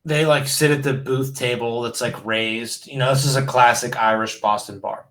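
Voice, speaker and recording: A man's voice: mid-range voice, fairly even intonation, normal speed, fairly bright tone, rough recording. A man telling a profane bar story in casual podcast chat, acting out the voices of the people in it. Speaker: podcast host.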